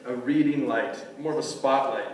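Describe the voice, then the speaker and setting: A man doing live stand-up comedy at a charity event, telling self-mocking stories in an animated way, with sudden jumps up in pitch. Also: normal speed. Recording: echoey hall, distant mic, loud noise.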